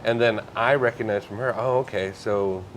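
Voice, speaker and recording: A man with a somewhat low voice talks through his experiences as a medium in an easygoing podcast chat. He tells his stories earnestly and lets the emotion show. A faint hiss sits under the recording. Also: fairly even intonation, moderate pace. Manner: storytelling, earnest, gets emotional. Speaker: psychic medium guest. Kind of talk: relaxed podcast conversation.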